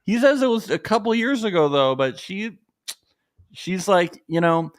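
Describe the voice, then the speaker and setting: A man co-hosting a casual podcast recap, chatty and lively, acting out quotes in a raised voice. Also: sits high, normal speed. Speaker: podcast co-host.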